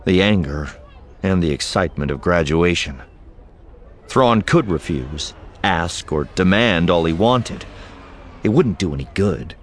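A man narrating an audiobook in an expressive, storytelling manner. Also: low voice, a little slow, slight background noise. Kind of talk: scripted narration.

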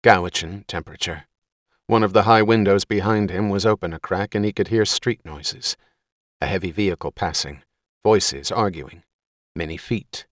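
A man giving steady, measured scripted narration as an audiobook reader. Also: deep voice, dry recording, clean studio sound.

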